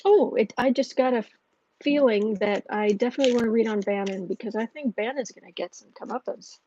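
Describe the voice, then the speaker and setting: A woman hosting a casual livestream and reading viewer comments aloud, chatty and quick to laugh. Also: a little high, dark tone, dull audio, slight background noise. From northern United States. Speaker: tarot reader and channel host.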